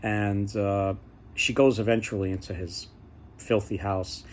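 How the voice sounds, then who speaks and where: A man's voice: on the low side, little pitch movement, a little slow. A man casually retelling folk tales, rambling and often restarting his sentences. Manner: rambling, many fillers and restarts. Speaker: storyteller.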